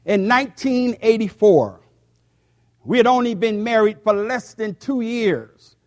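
An older man in his sixties preaching a sermon to a church, speaking slowly and deliberately and sometimes repeating words. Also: high-pitched. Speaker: pastor.

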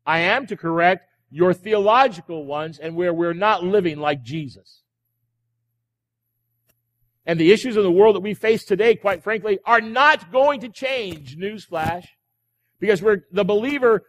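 A man preaching from the pulpit in a fairly high voice, driving home his points with repeated refrains and pointed rhetorical questions. His words ring out with a long reverb in the church hall. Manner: emphatic, repeats key phrases, asks rhetorical questions. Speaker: pastor. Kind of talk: sermon. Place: church sanctuary.

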